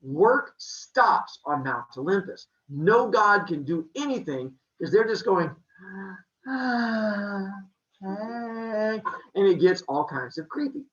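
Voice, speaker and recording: A man's voice: high voice, unhurried, few pauses, dull audio. A man telling a myth as a comic story in a casual, jokey way. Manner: casual, jokey, animated retelling.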